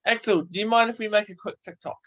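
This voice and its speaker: A man hosting a casual interview over a video call, unhurried and easygoing. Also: high voice, fairly bright tone, rough recording. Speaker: host.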